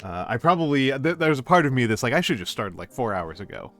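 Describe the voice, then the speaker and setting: Over soft background music, a man streaming as a VTuber chats casually with his live audience. His medium-pitched voice moves fast with big pitch swings, and he rambles playfully, often repeating himself.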